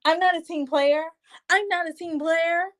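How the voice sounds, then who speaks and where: A woman's voice: sits high, animated, measured pace, voice pushed up. A woman quoting an indignant young wife from a reality show, defensive and repeating herself.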